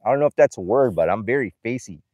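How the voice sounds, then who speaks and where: Chatty and animated, a young man streams live outdoors at an animal ranch, reading out donor names and cooing at the animals. He talks fast with a medium-pitched, darkish voice, and there's no room sound.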